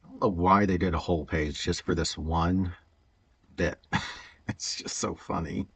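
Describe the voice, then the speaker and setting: A man with a low, husky voice talks slowly and loosely while he works on a build. He wanders between thoughts, stumbles over words and chuckles now and then. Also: steady tone, fairly bright tone. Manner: meandering, hesitant, many fillers and stutters; chuckles often. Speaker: livestreamer building Lego. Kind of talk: casual rambling chat while working.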